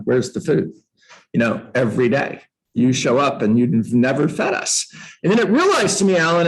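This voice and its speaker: A man who coaches real estate agents, telling a playful story to a room and jumping up in pitch for emphasis. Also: poor audio. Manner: animated, playful, uses props, jumps up in pitch for emphasis; addresses listeners by name. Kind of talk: storytelling motivational talk.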